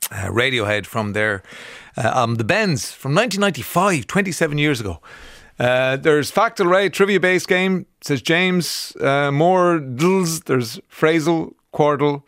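An Irish man hosting a radio show in casual chat, enthusiastic and chatty, often pausing on "um" and restarting his sentences. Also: fairly high pitch, a bit bright, no room sound, studio quality. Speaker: radio host. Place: radio studio. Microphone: studio microphone.

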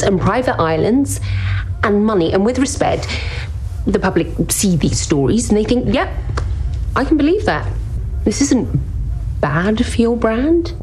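A woman playing a journalist in a film clip, speaking in a hushed, pointed way. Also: medium pitch, a little hiss or hum, pitched above the performer's own voice. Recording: film clip played on air, from a distance.

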